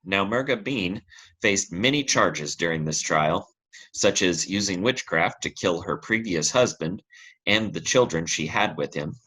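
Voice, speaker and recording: A man's voice: low voice, expressive, measured pace, sharp tone, husky, poor audio. A man hosting a podcast, telling a history story in a jokey, casual way and laughing often between lines. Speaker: podcast host.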